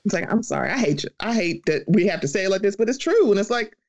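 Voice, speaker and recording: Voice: medium pitch, fast talker, highs cut off. A podcast host talking in a casual, heated chat, swearing freely and acting out other people's voices. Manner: animated, profane, acts out quoted voices.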